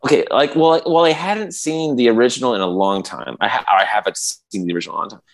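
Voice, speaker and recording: A man's voice: mid-range voice, fast talker, vocal fry. A man in casual podcast chat, rambling with many restarts as he tells a story, acting out quotes and sound effects. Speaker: podcast co-host.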